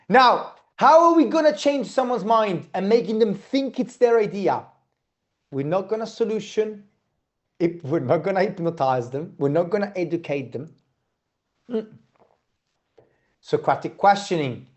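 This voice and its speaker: A man's voice: sits high, big pitch swings, unhurried, lo-fi sound. A man teaching a sales class, blunt and swearing casually, often checking in with "okay?". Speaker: sales trainer.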